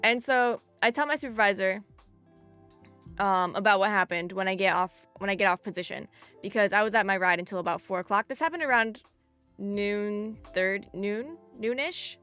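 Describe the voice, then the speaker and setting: A young woman streaming live, telling a story in an animated, chatty way with lots of "like". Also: medium pitch, moderate pace, smooth, faint music behind.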